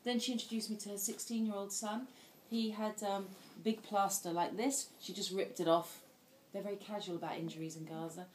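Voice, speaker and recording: In an indoor dinner hall, an invited woman speaker shares a heartfelt, emotional personal talk. Her medium-pitched voice is steady and a little mellow, running a little fast with few pauses, picked up roomily by a far-off mic amid faint ambience and slight background noise.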